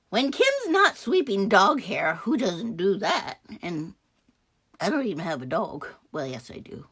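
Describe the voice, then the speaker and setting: Chatty woman host, husky tone, bouncy animated pitch, gushing and prone to correcting herself mid-sentence. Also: measured pace. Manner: jokey asides. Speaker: host reviewing a devotional anthology. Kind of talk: casual chat.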